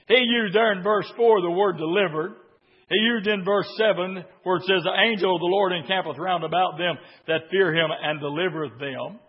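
Husky, high-voiced preacher. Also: male voice, long reverb tail. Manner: swings between hushed talk and shouted preaching. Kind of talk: sermon. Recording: dull lo-fi recording.

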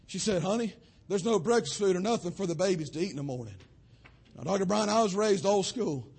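A young man from western North Carolina, preaching a sermon as a pastor, swelling to shouts and dropping low. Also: expressive, brisk, creaky, slightly rough. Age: young adult.

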